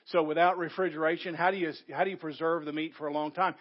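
A man's voice: on the high side, steady tone, fast, highs cut off. A man preaching a sermon as pastor, building emphasis through repeated phrases.

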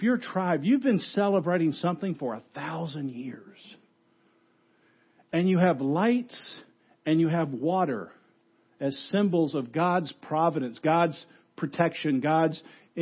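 Animated husky-voiced pastor preaching. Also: male voice, a little high, dull audio. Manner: animated, rhetorical questions, swings from loud to hushed. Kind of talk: sermon.

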